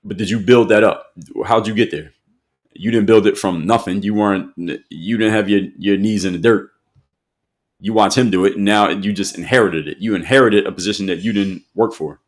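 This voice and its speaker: A man's voice: lowish voice, fairly even intonation, brisk. A man hosting an opinion commentary show, speaking emphatically and repeating his points for effect.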